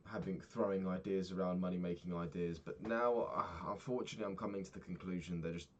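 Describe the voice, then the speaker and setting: A man's voice: low-pitched, steady tone, fast, dull audio. A young man talking through his day in a candid, rambling diary vlog, swearing freely. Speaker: vlogger.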